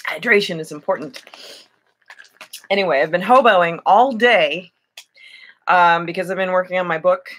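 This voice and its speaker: A woman's voice: on the low side, moderate pace, pauses often, fairly bright tone. A young woman chatting casually on a home live stream, self-deprecating, drifting in and out of a put-on British lilt. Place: home room at night.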